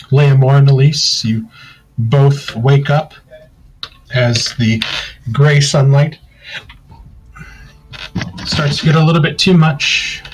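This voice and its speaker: A man's voice: mid-range voice, rough recording. Man narrating a tabletop game. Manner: descriptive second-person narration, unhurried. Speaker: game master.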